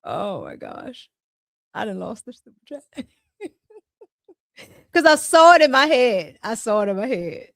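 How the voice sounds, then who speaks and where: A woman's voice: on the high side, huge pitch swings, unhurried, creaky, long pauses, a bit bright, dry recording, studio quality. A woman hosting a casual livestream, chatting, reading super chats aloud and laughing often. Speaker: livestream host.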